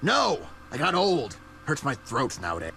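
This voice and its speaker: A man's voice: mid-range voice, wildly swooping pitch, measured pace, gravelly, sharp tone, a little hiss or hum, exaggerated voice. An actor playing a paranoid, aging male caped vigilante in a video game, who talks in conspiratorial asides.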